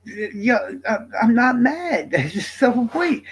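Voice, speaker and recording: A man's voice: very high-pitched, very animated, slow, breathy edge, rough recording. A man streaming live, chatting casually to viewers in a blunt, exasperated, profane way.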